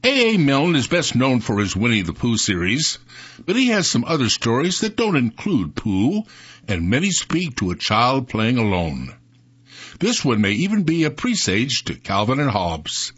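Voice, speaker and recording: A man's voice: medium pitch, wildly swooping pitch, normal speed, fairly bright tone, slightly rough. A man introducing the next poem in a plain spoken way. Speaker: presenter. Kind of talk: introducing a reading. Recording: dull muffled recording.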